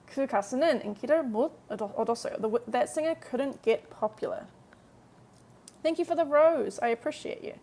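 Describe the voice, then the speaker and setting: A chatty woman teaches a Korean lesson in a live stream, walking through each point step by step. Her voice sits a little high and carries a gravelly fry. She slows right down whenever she models an English translation. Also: animated, mellow.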